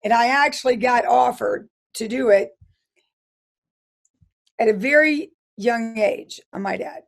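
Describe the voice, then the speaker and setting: A hoarse middle-aged woman, a guest telling her life story in an interview in an earnest, halting way with frequent restarts. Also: fairly high pitch. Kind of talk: personal testimony interview.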